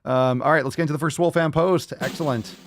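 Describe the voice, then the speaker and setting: A man hosting a casual solo podcast, reading out fan posts with loud, jokey, profane energy. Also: a little high, fairly even intonation, quick pace, no room sound, clean studio sound. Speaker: podcast host.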